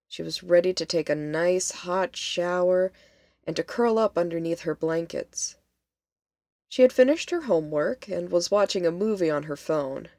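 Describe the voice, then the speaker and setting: A woman narrating a scary story in a measured, scripted storytelling manner. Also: fairly low pitch, darkish tone, dry recording.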